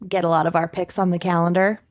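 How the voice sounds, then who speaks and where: A woman's voice: on the low side, flat delivery, quick pace, no echo, clean studio sound. A woman co-hosting a podcast, chatting casually in a bubbly, playful way. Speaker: podcast co-host. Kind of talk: casual chat.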